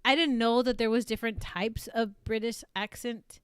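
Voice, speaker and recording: Rambling woman streamer, smooth dry voice. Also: a little high, fairly even intonation, moderate pace, no echo. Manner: rambling, with many fillers and self-corrections; reads viewer comments aloud. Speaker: streamer and voice actress. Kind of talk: casual livestream chat.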